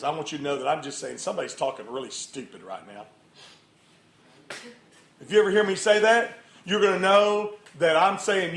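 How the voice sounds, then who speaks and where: A man giving an energetic motivational sermon at a morning meeting, rallying the crowd with loud bursts. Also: fairly high pitch, fast, a little hiss or hum. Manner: lively, rallying crowd, sudden loud outbursts. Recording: echoey room, faint ambience.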